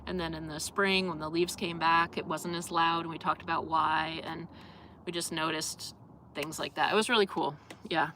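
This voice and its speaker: Bright-voiced woman chatting on a live stream. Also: low-pitched, steady tone, normal speed, slight background noise. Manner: chatty, rambling with many fillers, reads out viewer comments. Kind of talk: casual live-stream chat with viewers.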